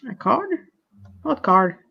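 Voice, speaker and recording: A woman's voice: medium pitch, big pitch swings, slow, vocal fry, breathy edge. A woman co-hosting a casual livestream, playful and teasing. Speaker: co-host. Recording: dull lo-fi sound.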